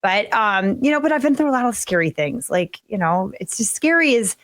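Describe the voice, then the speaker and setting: A middle-aged woman co-hosting a casual chat, telling a story with lively, rising emphasis. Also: no echo. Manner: storytelling, animated with quick rising pitch. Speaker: co-host.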